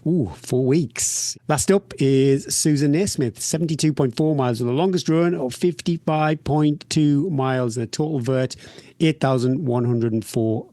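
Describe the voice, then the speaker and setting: A man's voice: medium pitch, dark tone, no echo. Upbeat man hosting a podcast, dry sound. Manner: upbeat, chatty, quick to laugh at himself. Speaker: podcast host. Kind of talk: reading out club shout-outs.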